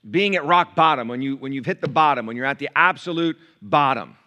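A male pastor delivers a sermon to his congregation in a church. His voice is bright and forceful, at an ordinary pitch for a man. He moves from quiet, intimate asides to loud, raised passages. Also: fairly quick. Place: church sanctuary.

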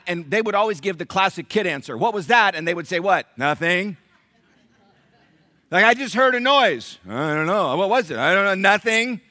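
A middle-aged man preaches to his church in a high, bright voice, captured close and dry. He is animated and conversational, firing questions at the congregation. The tone is a lively sermon. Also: no echo. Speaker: pastor. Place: church sanctuary.

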